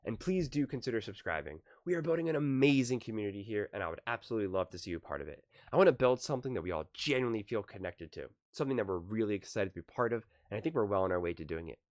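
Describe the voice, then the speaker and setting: A man hosting his own sports commentary vlog, ranting with animated energy and acting out the fans he quotes. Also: lowish voice, very fast, few pauses, no room sound, clean studio sound. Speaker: sports commentary channel host.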